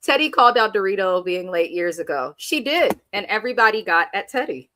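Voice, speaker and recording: A woman's voice: medium pitch, expressive, fairly quick, a bit bright, slight background noise. A woman co-hosting a casual reality TV recap, blunt and sassy, reading viewer comments aloud. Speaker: show co-host.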